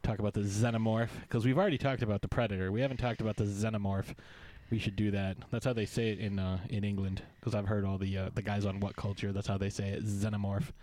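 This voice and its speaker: A man's voice: lowish voice, level tone, fast, few pauses, warm tone. A man hosting a podcast in casual chat, joking and going off on playful tangents. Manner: playful, riffing, jokey tangents. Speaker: podcast host.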